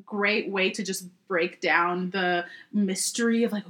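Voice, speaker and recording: A woman's voice: mid-range voice, normal speed, few pauses. A woman guest chatting casually on a podcast, telling stories animatedly and laughing often. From Canada. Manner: animated storyteller, laughs often, playful voices in quotes. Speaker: guest, sex worker.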